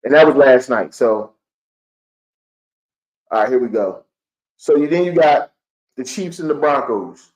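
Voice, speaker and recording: Heated sports-show host ranting. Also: male voice, medium pitch, unhurried, pauses often, a little mellow, rough recording. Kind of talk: live-streamed fan sports commentary.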